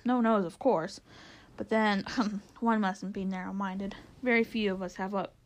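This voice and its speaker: A woman reading a storybook aloud, voicing a gentle, wise female elephant who speaks mildly and thoughtfully. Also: medium pitch, fairly even intonation, lightly acted. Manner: mild, thoughtful, slow.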